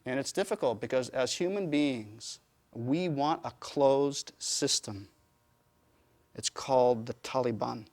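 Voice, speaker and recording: A man's voice: medium pitch, slow pace. A man teaching yoga, answering audience questions with emphatic, rhetorical explanations. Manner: emphatic, rhetorical, animated storytelling.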